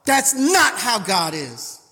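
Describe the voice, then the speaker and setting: High, lively-voiced impassioned preacher man. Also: slow pace, long reverb tail, slight background noise. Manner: impassioned, swings from hushed asides to shouted outbursts; rhetorical questions to the congregation. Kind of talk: sermon.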